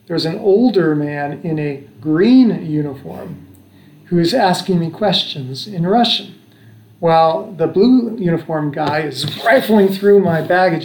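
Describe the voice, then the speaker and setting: A man's voice: fairly high pitch, a little mellow. An American man in his sixties casually telling a long travel story, rambling along with restarts and chuckles. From United States. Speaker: father telling travel stories. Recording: echoey room.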